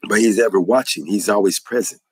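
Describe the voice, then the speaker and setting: Man, religious testimony, preacherly repetition, husky voice, dry close sound. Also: fairly low pitch, brisk, no echo, low-quality recording. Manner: preacherly, repeats phrases for emphasis. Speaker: speaker giving religious testimony. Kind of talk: impassioned spoken testimony.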